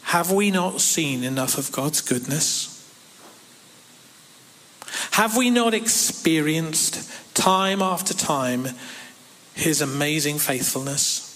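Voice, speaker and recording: A man's voice: fairly high pitch, lively intonation, slow pace, long pauses, a bit bright. A man preaching a sermon, reading scripture aloud and adding dry humorous asides.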